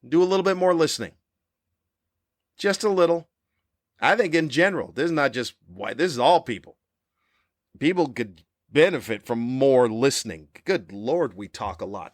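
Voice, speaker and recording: A man in his fifties hosting a podcast, delivering a cranky comedic monologue with animated, ranting jabs. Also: unhurried, pauses often, no room sound, clean studio sound. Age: 50s. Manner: animated, ranting, with sudden high-pitched jabs. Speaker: podcast host.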